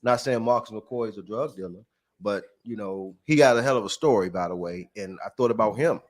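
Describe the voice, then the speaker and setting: A man's voice: fairly low pitch, a little fast. A man hosting a casual chat, explaining acting in a laid-back, earnest way.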